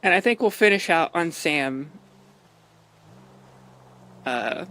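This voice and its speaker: A man's voice: a little high, animated, slow pace, bright, forceful tone. A man streaming a role-play game, rambling out of character in casual, profane chat and laughing often. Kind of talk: out-of-character gameplay commentary.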